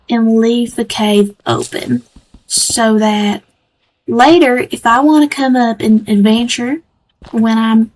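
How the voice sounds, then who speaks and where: Young woman streamer, put-on Southern drawl, high voice, rambling chatty gameplay talk. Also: a little mellow, low-quality recording. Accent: put-on Southern US country accent. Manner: rambling, chatty, easily sidetracked. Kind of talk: live gameplay chat. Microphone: desk microphone.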